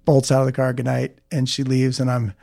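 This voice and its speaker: A man's voice: medium pitch, monotone, fast talker, dark tone. A man who is a surgeon and a podcast guest, telling a comic personal story. He quotes people and laughs at himself. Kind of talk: casual storytelling.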